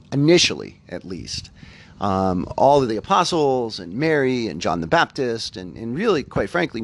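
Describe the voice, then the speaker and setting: A man hosting a spiritual podcast, talking in a thoughtful, conversational way and often correcting himself as he goes. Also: medium pitch. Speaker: podcast host. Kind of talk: reflective spiritual podcast talk.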